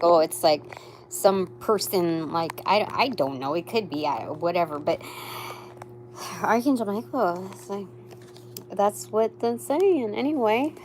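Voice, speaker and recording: A woman's voice: a little high, a little mellow, slight background noise. A young woman doing a live tarot reading, rambling with many fillers and exclaiming over the cards. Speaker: tarot reader.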